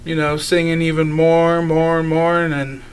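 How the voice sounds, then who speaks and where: A man's voice: a little high, monotone, normal speed, clear, resonant tone. A young man, a guest singer, talking casually in a radio interview, rambling with lots of filler words and easy laughs. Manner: rambling, many filler likes, laughs easily.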